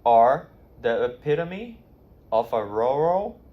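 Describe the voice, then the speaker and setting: A man practising pronunciation as a student, repeating words slowly and laughing at his own attempts. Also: mid-range voice, big pitch swings, highs cut off. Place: classroom.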